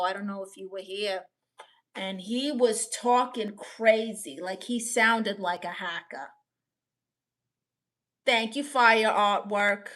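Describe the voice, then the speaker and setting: A woman's voice: fairly high pitch, fairly bright tone. A woman live-streaming, reading viewers' comments aloud and bantering with them in a playful, teasing way.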